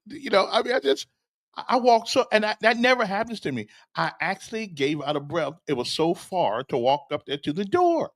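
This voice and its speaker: Rambling older man, high lively voice. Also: fairly quick. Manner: rambling storyteller, stammers and repeats words; chuckles often and talks directly to a listener. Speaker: host. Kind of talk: casual livestream chat.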